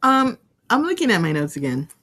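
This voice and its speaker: A woman's voice: fairly high pitch, huge pitch swings, fairly quick, a bit bright. A woman co-hosting a podcast in casual chat, teasing and laughing often. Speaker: podcast co-host.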